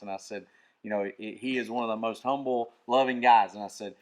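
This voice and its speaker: A man's voice: medium pitch, fairly quick, a bit bright. A man in casual panel chat who chimes in eagerly and agrees readily. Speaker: skit troupe member on a panel.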